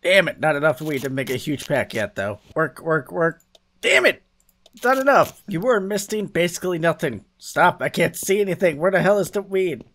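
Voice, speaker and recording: Gamer host, man: excitable, swears and mutters to himself, lively high-ish voice. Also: normal speed. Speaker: gaming YouTuber. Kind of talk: let's play commentary.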